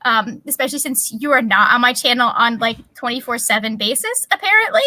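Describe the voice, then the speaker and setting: A woman's voice: a little high, expressive, normal speed, bright, forceful tone, dry recording. A woman hosting a livestream in casual chat, talking over a video call, chatty and laughing often. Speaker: livestream host.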